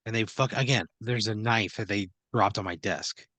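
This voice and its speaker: A man's voice: on the low side, normal speed, fairly bright tone, dry recording. A man co-hosting a comedy podcast, reacting in an incredulous, indignant way and swearing freely. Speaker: podcast co-host. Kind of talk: casual comedic chat.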